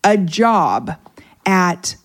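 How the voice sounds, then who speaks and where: A middle-aged woman telling a personal story in casual conversation, animated and emotional. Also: on the low side, extremely slow. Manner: animated, emotional, acts out quoted voices. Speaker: podcast guest.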